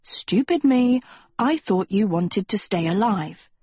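A woman's voice: mid-range voice, lively intonation, slow pace, dark tone, husky, no room sound. A woman voicing a blunt, impatient young girl who explains things with exasperation. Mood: exasperated.

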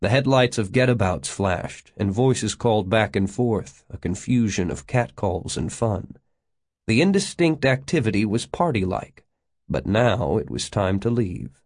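Male audiobook narrator, lowish voice, steady storytelling. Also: unhurried. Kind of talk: scripted narration.

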